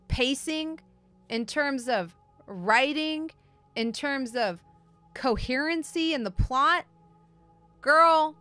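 A woman's voice: high voice, pushed and bright, no room sound. Blunt, sarcastic woman ranting. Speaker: streamer and comic book show host. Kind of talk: casual opinionated review.

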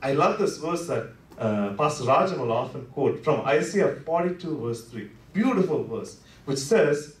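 A man preaching a Good Friday sermon in a church, talking conversationally with lots of "you know" fillers, dropping to soft, low asides and then rising with passion. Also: lively intonation, normal speed. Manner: swings between soft, low asides and impassioned rises. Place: church worship center. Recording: echoey sanctuary heard from a distance.

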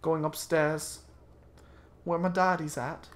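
A young woman casually chatting and joking while playing a shooter game, excitable and quick to laugh. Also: low voice. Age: young adult. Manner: excitable, lively, laughing, swearing. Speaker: gameplay commentator. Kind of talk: casual gaming chat.

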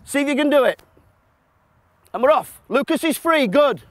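A man coaching a football session. He shouts instructions to players and explains the system to watching coaches in a blunt, joking way. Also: animated, moderate pace, no echo. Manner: shouting instructions to players on a pitch, then explaining quietly to an audience. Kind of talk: coaching session with live demonstration. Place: outdoor football pitch.

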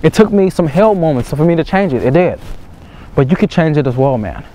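A man's voice: a little high, animated, a little fast, dark tone. A young man coaching other men in an earnest, repetitive motivational monologue, swearing casually as he talks. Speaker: dating coach.

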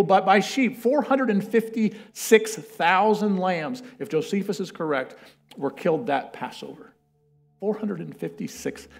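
A man preaching a sermon and reading scripture aloud, swinging from loud declarations to hushed words. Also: high voice.

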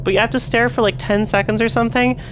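A woman's voice: fairly high pitch, steady tone, quick pace, slight background noise. Chatty young woman streaming a game. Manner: chatty, swears and yells when frustrated. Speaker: VTuber streamer. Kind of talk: casual gameplay commentary.

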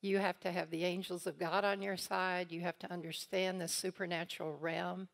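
Middle-aged woman preaching to a church crowd, low gravelly voice, acts out bits of her stories. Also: level tone, moderate pace. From eastern Kentucky. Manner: storytelling, acts out quoted voices with laughs. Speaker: guest teacher. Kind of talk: teaching talk to a church congregation.

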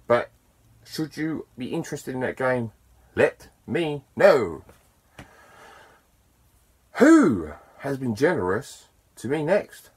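A chatty man vlogging straight to camera, his pitch swinging widely between bursts of excitement and quieter stretches. He speaks casually and warmly, mixing shout-outs with self-deprecating asides. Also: slow pace, pauses often, breathy edge. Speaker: YouTuber. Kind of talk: casual to-camera vlog talk.

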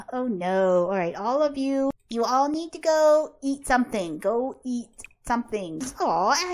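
A woman narrates her game session, bossing and cheering on the characters as she plays. Her voice sits high and swoops widely as she reacts, with frequent laughter. It is chatty, animated commentary. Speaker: author playing a life-sim game. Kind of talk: gameplay commentary.

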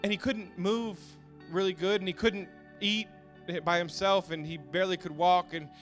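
A pastor giving an emotional personal testimony sermon, moving from hushed storytelling to shouted passion and stumbling over repeated words when moved, with soft music behind. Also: male voice, sits high, steady tone, normal speed.

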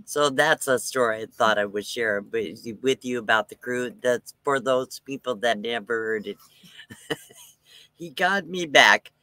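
A man's voice: medium pitch, measured pace, bright, forceful tone, dry recording. An older man hosting a livestream, telling a rambling story casually and chuckling often between lines. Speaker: livestream host.

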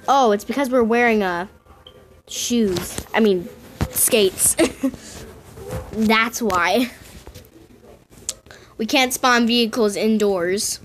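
A woman giving casual game commentary to her viewers in an excitable way, often squealing and gasping. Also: on the high side, drawn-out words, pauses often, slight background noise. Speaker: gaming video host.

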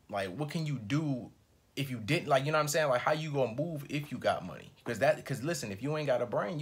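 Husky-voiced man riffing on a rap. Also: mid-range voice. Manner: rambling and emphatic, heavy slang and fillers. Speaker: reaction video host. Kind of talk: casual reaction commentary.

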